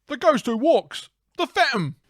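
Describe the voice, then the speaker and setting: A man voicing an excitable male jungle patrol sidekick with a high-pitched, breathless, dramatic delivery. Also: unhurried, dry recording, clean studio sound, exaggerated voice.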